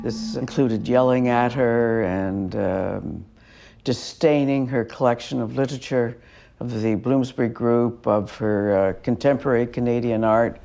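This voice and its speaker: An older woman recalling her past in a documentary interview, speaking in a measured, plain way with small pauses. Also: very deep voice, steady tone, vocal fry, dark tone.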